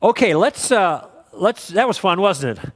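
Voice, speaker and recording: Man, high-pitched voice, class lecture, anecdotal, long hall reverb. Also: sing-song, measured pace. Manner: conversational storytelling with acted quotes. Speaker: teacher.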